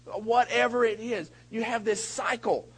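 A man preaching a sermon to a congregation, telling a story with sudden shouted bursts and quiet asides. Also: very high-pitched, steady tone, unhurried, breathy edge, rough recording. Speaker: pastor. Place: church hall before a congregation.

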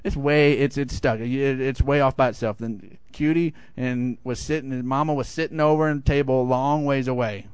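A middle-aged man preaching a sermon, telling a lively personal story and swinging high for the quoted voices. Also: moderate pace, hardly any pauses, smooth, no room sound. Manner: animated storytelling, rising high for acted quotes. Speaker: pastor.

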